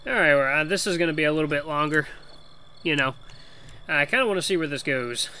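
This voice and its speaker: A man's voice: a little high, brisk, sharp tone, clean tone. A man hosting a gaming channel, commenting enthusiastically as he plays, rambling with fillers. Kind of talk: let's play commentary.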